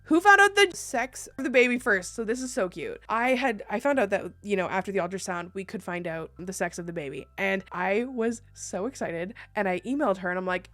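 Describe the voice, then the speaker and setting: A woman in her thirties chatting casually as a vlogger, telling stories in a bubbly, animated way with excited outbursts. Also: mid-range voice, a little fast, hardly any pauses, no echo. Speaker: YouTuber answering viewer questions. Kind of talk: casual chat.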